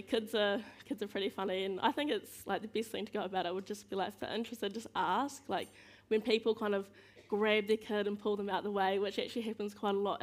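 A woman giving a casual, storytelling talk as a guest speaker. She tells self-mocking stories, laughs often and acts out other people's lines in quick voices. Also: mid-range voice.

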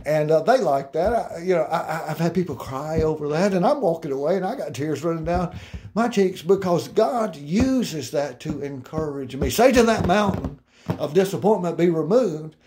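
A middle-aged male pastor preaches earnestly and conversationally, his voice a little high and darkish in tone with lively intonation. He slows down to read scripture aloud and drifts into personal asides, with slight background noise audible.

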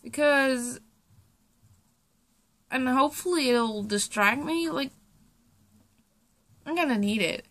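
A young woman on a reaction vlog, choked up and tearful, talking in halting, broken sentences that trail off, with plenty of swearing. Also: high voice, a bit bright. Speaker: vlogger.

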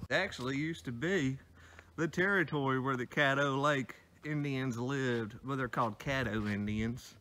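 A man's voice: on the high side, unhurried, a bit bright. A man, ranting profanely about roadside litter in a casual satirical vlog, walking outdoors along a country road. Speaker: vlogger.

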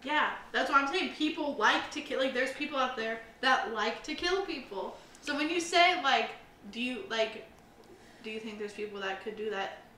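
A young woman co-hosting a casual podcast rambles expressively through stories heavy with fillers, at normal speed. Her voice is a little high with a sharp tone, and the roomy, slightly distant mic picks up slight background noise.

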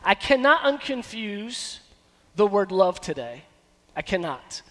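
High-voiced pastor preaching in a hall. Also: male voice, slow. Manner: animated, breaks into snatches of song. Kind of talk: sermon. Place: church sanctuary. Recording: long church hall reverb.

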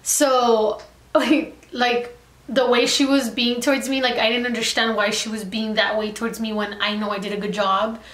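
A woman's voice: fairly high pitch, normal speed. A young woman vlogger telling a storytime in a chatty way, full of "like" fillers. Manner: chatty, heavy filler "like", animated retelling. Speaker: makeup artist and beauty vlogger. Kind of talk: casual storytime chat. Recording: echoey room.

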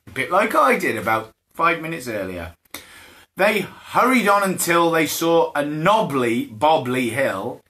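With big swings in pitch and a measured pace, a man reads aloud to young children during a live-streamed bedtime story. His voice sits on the high side and comes across pushed and bright, full of laughter and put-on characters, captured by a phone or camera.

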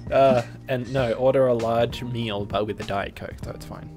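A man's voice: medium pitch, fairly even intonation, measured pace, a little mellow, faint music behind. A man hosting a casual gaming chat, telling a joking story and acting out the people in it. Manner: jokey storyteller, acts out quoted voices. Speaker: gaming channel host. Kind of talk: casual chat while a game loads.

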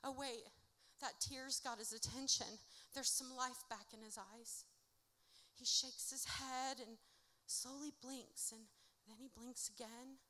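A woman's voice: high voice, steady tone, slow pace, bright, forceful tone. A woman from Indiana performing rhymed spoken word live on a theatre stage, telling her story bluntly and with plenty of swearing. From Indiana, United States. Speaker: performing artist.

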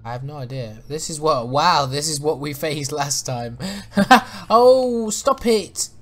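A man's voice: fairly high pitch, animated, slow pace, fairly bright tone. A man commentating a video game as he plays, swearing often, laughing and yelping in panic. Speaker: gaming YouTuber. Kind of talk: let's play commentary.

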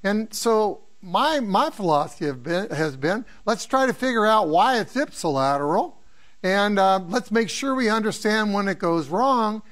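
High-voiced, rambling older professor. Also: male voice, animated, moderate pace, fairly bright tone. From American Midwest. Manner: rambling, anecdotal, asks students questions. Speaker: neuroanatomy professor. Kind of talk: informal exam review lecture.

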